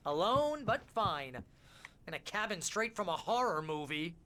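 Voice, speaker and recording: A man's voice: high voice, very animated, measured pace, bright, forceful tone, full character voice. An actor playing a fretful, sarcastic male literary agent in a video game, talking in a whiny, worried way. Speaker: game character.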